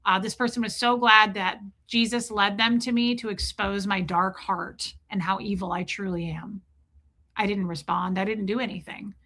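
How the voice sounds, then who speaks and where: Woman streamer, frank confessional monologue, slightly high, bright tone. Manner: confessional, emotional, rambling with restarts. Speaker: livestreamer. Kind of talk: candid personal monologue.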